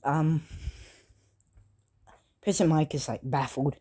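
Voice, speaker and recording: A woman casually retelling a fan story, halting often with fillers and self-corrections. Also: low voice, fairly even intonation, warm tone, slightly rough.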